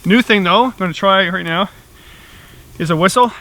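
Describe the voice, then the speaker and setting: A middle-aged man talks at a moderate pace in a high, sharp voice as he makes tea on a small stove outdoors in the woods. The outdoor vlogger's chat is casual and rambling, peppered with frequent chuckles.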